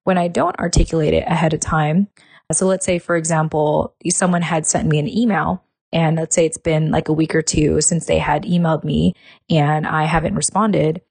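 A woman's voice: low voice, steady tone, moderate pace, gravelly, darkish tone, husky. A woman co-hosting a podcast, sharing advice in a reflective, step-by-step way. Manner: reflective, lays out points step by step. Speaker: podcast co-host. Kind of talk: casual chat.

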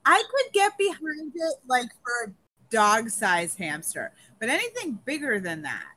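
A woman's voice: fairly high pitch, measured pace. A woman in a casual group chat who rambles and restarts her thoughts as she talks. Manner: rambling, restarts often, animated.

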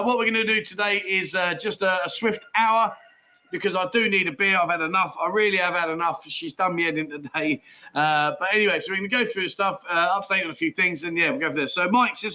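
A man hosts a casual live chat show from his home, rambling through viewer messages with plenty of swearing and laughter. His voice sits high and sounds bright and sharp. The stream audio is a little dull. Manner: rambling, chatty, swears freely, laughs often. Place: at home with a dog nearby.

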